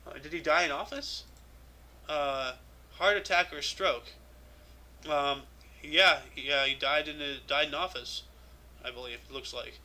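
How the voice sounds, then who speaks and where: A man hosting a daily history rundown, reading dates aloud with blunt, swearing asides and thinking out loud. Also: high-pitched, low-quality recording. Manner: irreverent, swears freely, muses aloud. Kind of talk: casual off-the-cuff commentary.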